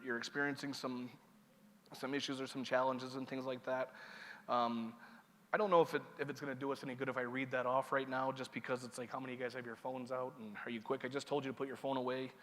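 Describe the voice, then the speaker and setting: A man's voice: mid-range voice, fairly bright tone. Casual joking man in a reverberant hall. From Seneca Nation. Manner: casual, joking, checks in with the audience. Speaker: master of ceremonies. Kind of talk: conference opening remarks. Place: large conference hall.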